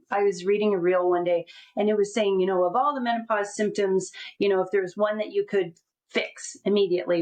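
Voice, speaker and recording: A middle-aged woman with a Canadian accent chats easily on a podcast, telling rambling stories about everyday life. Her pitch sits in the middle range for a woman, and her delivery stays relaxed and conversational. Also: poor audio. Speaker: podcast co-host. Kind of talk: casual chat.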